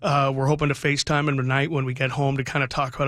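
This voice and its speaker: A man's voice: mid-range voice, fairly even intonation, fast talker, hardly any pauses, a bit bright, no room sound. A middle-aged man, a radio sports broadcaster, talking heartfelt and rambling about his son in a radio interview, choking up at times.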